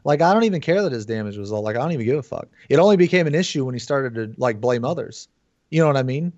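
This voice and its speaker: A man with a medium-pitched voice talks very fast as a guest on a gaming podcast, chatting casually and ranting bluntly with plenty of swearing and laughs. The recording is dull, lo-fi, and completely dry.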